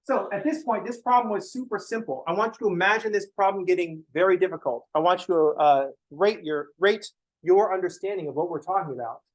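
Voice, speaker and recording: A young man teaching college math lectures with a slightly higher-than-average voice, speaking briskly, bluntly, and casually. He swears frequently and makes joking asides to students in a classroom that is also streamed online, and the recording is rough.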